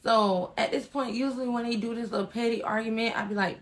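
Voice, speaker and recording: Sassy, animated woman telling a story. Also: fairly high pitch, fast. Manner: animated, emphatic storytelling that swings between loud outbursts and hushed asides; blunt and sassy with frequent slang. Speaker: vlogger telling a personal story. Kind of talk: casual storytime vlog.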